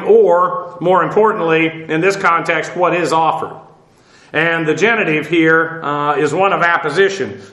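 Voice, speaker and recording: A man teaching a verse-by-verse Bible study, explaining Greek words in an unhurried way with many "uh" fillers and spelling terms out letter by letter. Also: on the high side, sharp tone, reverberant.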